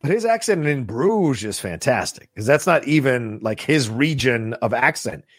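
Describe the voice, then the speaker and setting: Man, podcast co-host, lively swinging pitch, dry close sound, casual rambling chat. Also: normal speed, husky, no room sound. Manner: animated, rambling, swearing. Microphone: video call.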